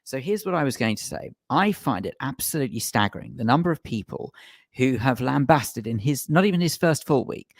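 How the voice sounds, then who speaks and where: A man's voice: medium pitch, no echo, clean studio sound. A man co-hosting a radio show, chatting casually and reading out listener messages. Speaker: radio co-host.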